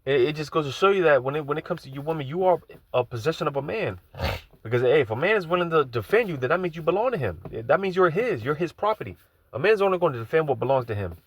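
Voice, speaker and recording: A man's voice: fairly high pitch, animated, fast. Man preaching loose and conversational. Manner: loose and conversational, repeats phrases, many fillers. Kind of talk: informal live sermon.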